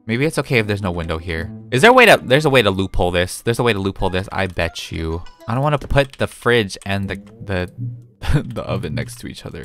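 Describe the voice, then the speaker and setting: Brief: young male game vlogger, low-set voice, chatty and excitable, faint music behind. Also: fast talker. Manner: chatty and excitable, with gasps and squeals. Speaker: game building video creator. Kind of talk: casual gameplay commentary.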